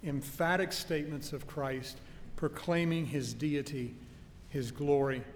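In this expository sermon, a man speaks at a measured pace in a steady tone. He teaches earnestly, leaning on emphatic stresses and homely anecdotes. A long hall reverb and faint low rumble fill the recording.

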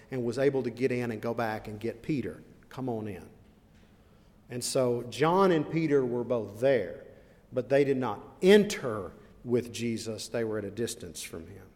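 A male preacher delivering a sermon with dramatic swings between quiet, intimate asides and loud, drawn-out emphasis. His voice sits at an ordinary middle pitch for a man. The sound rings with the long reverb of a big hall.

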